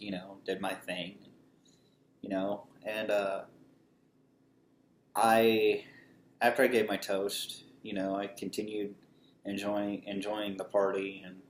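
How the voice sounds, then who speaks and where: Low-voiced man telling a story in an echoey room. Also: a little hiss or hum. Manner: halting, with many fillers and restarts. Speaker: vlogger telling a personal story. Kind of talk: casual spoken storytelling.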